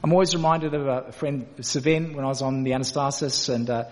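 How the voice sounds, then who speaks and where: A man's voice: medium pitch, steady tone, a little fast. A man preaching a sermon in a church, earnest and direct with his congregation. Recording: echoey church hall.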